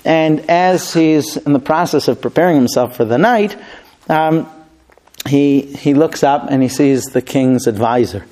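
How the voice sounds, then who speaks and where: A man's voice: medium pitch, a little mellow, low-quality recording. A man teaching a Torah class and telling a long parable, with fillers and restarts.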